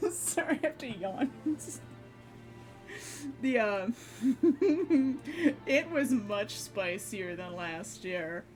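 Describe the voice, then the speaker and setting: A woman's voice: a little high, big pitch swings, very slow, long pauses, darkish tone. A woman streamer chatting casually, rambling and laughing often between phrases. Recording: background music under voice. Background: background music.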